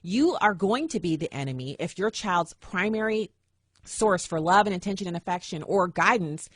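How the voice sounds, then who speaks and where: A middle-aged woman hosting a talk radio show, telling a personal story with lively acted-out quotes. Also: on the low side, moderate pace, no echo, clean studio sound. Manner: animated, acts out quoted voices.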